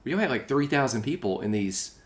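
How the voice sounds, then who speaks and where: A man's voice: mid-range voice, big pitch swings, brisk. A man hosting a podcast in casual chat, rambling and restarting his sentences, often laughing along with his guest. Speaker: podcast host.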